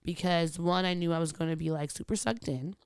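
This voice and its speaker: A young adult woman co-hosting a podcast in casual, candid chat, animated and swearing freely. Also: lowish voice, a little fast, smooth, no room sound, studio quality. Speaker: podcast co-host.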